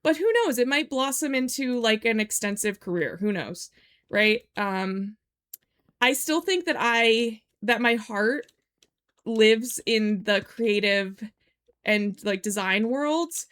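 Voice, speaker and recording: Streaming from her home room, a young woman rambles through a casual chat packed with "like"s. She has a slightly high, expressive voice that is smooth and fairly bright, and she talks at a slow pace.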